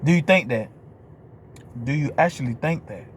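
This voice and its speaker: Vlogger, male, New Orleans accent, slightly higher voice, blunt and profane camera rant. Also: expressive, normal speed, slight background noise. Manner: blunt, profane, keeps asking "you hear me?". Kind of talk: ranting monologue to camera.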